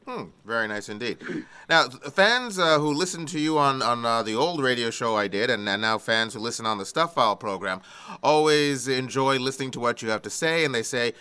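A man's voice: mid-range voice, animated, brisk, sharp tone, clean tone. A man hosting a radio talk show, interviewing his regular guest and introducing each new subject. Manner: polished host, leading the interview with questions.

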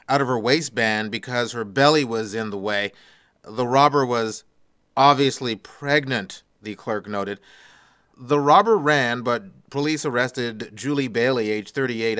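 A man's voice: mid-range voice, fairly bright tone, clear, resonant tone, dry recording. A man hosting a radio show, reading strange news stories and adding sarcastic asides in a studio. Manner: sarcastic asides after each story. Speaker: radio host. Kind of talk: reading odd news with commentary.

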